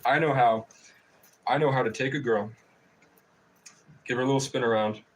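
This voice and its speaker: A man's voice: mid-range voice, normal speed, husky. Profane, rambling man telling stories. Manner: profane, laughing, rambling storytelling. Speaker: livestream host. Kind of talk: casual rambling livestream chat.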